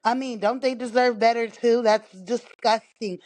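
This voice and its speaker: A woman's voice: fairly high pitch, fairly even intonation, moderate pace, darkish tone. A woman hosting a podcast, ranting indignantly while slightly out of breath from walking laps in her living room. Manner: indignant, exasperated, talks straight to listeners. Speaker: podcast host. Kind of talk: casual ranting monologue.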